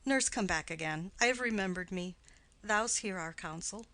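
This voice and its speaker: A woman's voice: medium pitch, moderate pace, fairly bright tone, no echo, lightly acted. A woman reading as a cool noble mother. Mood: measured. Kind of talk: audiobook play reading.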